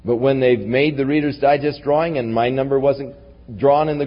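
A man preaching a sermon, swinging from raised, emphatic lines down to low, quiet asides. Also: fairly even intonation, normal speed, a faint crowd. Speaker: pastor. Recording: dull lo-fi recording in a large reverberant hall.

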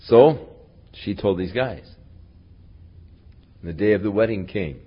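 A man teaching a Bible study, retelling a story in a lively, conversational way with dry asides, on a dull lo-fi recording. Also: fairly low pitch, unhurried, husky.

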